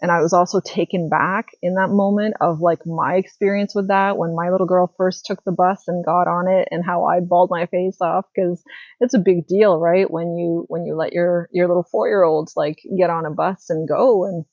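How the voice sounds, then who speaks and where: A woman's voice: on the low side, steady tone, normal speed, a little mellow, no echo, highs cut off. A woman in her thirties talking casually to camera as a spiritual wellness creator, chatty and rambling with many fillers and restarts.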